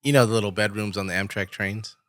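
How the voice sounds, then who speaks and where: A man's voice: lowish voice, steady tone, quick pace, a bit bright. A man on a podcast making dry, teasing remarks in casual chat.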